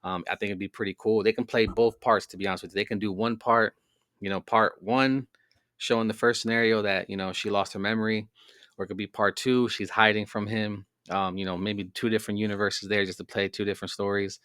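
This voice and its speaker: Podcast host, male, low register, loose rambling delivery, dry close mic. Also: level tone, a little fast, a bit bright, clear, resonant tone, no room sound. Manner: rambling, filler-heavy storytelling. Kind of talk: casual monologue.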